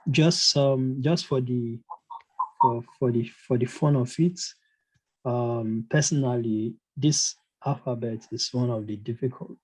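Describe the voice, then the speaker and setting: A man's voice: mid-range voice, unhurried, darkish tone, rough recording. A man teaching a casual online language lesson, hesitant, with many fillers and restarts. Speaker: German teacher.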